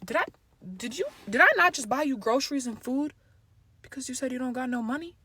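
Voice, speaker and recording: A young woman telling a storytime story to camera in a lively, animated way, acting out family members' lines. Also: high-pitched, brisk, husky. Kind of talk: storytime vlog.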